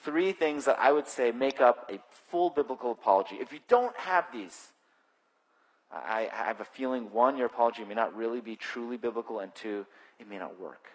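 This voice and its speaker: A male pastor preaching a sermon in a conversational, animated way with touches of self-deprecating humor, speaking into a stage microphone in a church. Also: mid-range voice, moderate pace. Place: church sanctuary. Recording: long hall reverb.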